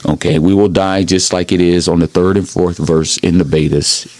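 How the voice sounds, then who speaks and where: A man's voice: low voice, fairly even intonation, normal speed, darkish tone. A man giving a rambling improvised sermon as a self-styled preacher, emphatic and repeating "okay?" after his points.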